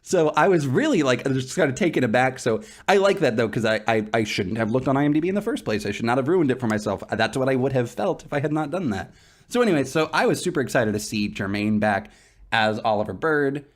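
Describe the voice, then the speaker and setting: A man co-hosting a podcast, chatting casually and excitedly about a TV episode. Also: medium pitch, fast talker. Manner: excitable, animated storytelling. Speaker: podcast co-host. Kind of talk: casual chat.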